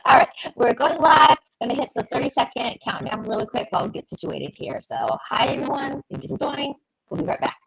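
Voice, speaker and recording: A woman's voice: high voice, brisk, gravelly, a bit bright, husky, dull audio. A woman co-hosting a casual livestream chat, talkative and laughing, eating while she talks. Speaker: podcast co-host.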